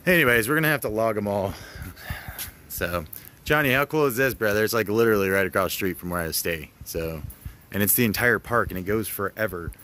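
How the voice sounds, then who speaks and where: Sex: male. Role: vlogger. Style: casual walking commentary. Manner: rambling, filler-heavy. Pitch: low. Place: outdoor park, phone mic. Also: fairly quick, bright, forceful tone.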